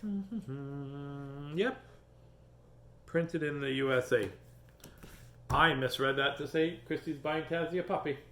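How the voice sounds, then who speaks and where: A man's voice: on the high side, slow pace, long pauses, fairly bright tone. A man reading children's books aloud as host, with playful, joking asides. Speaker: children's book reader and host. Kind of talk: reading aloud and casual chat. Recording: echoey room.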